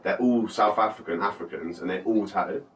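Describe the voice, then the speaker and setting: A man hosts a loose podcast chat, wandering through his sentences, swearing heavily and laughing a lot. His voice is on the low side. The recording sounds roomy and distant, with clear hiss underneath. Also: brisk. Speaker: podcast host.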